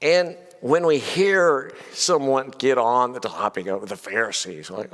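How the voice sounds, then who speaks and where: A man's voice: medium pitch, sing-song, unhurried, fairly bright tone. Man teaching a Bible class in a reverberant church. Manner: conversational, asks many rhetorical questions, frequent "you know". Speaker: preacher. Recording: long hall reverb.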